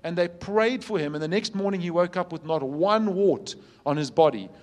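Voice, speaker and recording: A pastor preaches a sermon with earnest storytelling and emphatic repetition, swinging between loud emphasis and soft, quiet passages. His voice is high-pitched and moves at a moderate pace.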